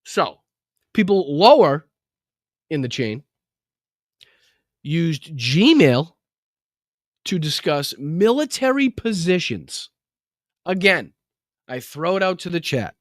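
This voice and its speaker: A man's voice: on the high side, sing-song, slow pace, pauses often, no echo, clean studio sound. A man hosting a live political show, reading news with sarcastic, profane, rambling asides. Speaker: political livestream host. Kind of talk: casual political commentary.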